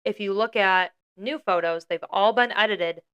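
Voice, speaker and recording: A woman's voice: mid-range voice, normal speed, fairly bright tone, clear, resonant tone, dull audio. A young woman co-hosting a podcast, casually retelling a story with lots of "like" and acted-out quotes. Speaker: podcast co-host.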